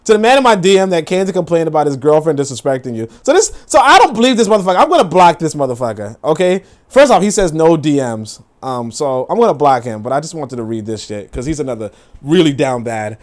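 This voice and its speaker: A man's voice: a little high, sing-song, quick pace. Incredulous, laughing, profane man host. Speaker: podcast host. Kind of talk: casual commentary reacting to social media posts.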